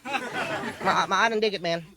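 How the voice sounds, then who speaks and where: A man's voice: sits high, unhurried, crowd noise. A man voicing a fifty-five-year-old night watchman who stammers in a rattled, dazed way, on a noisy old vinyl album. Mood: shaken.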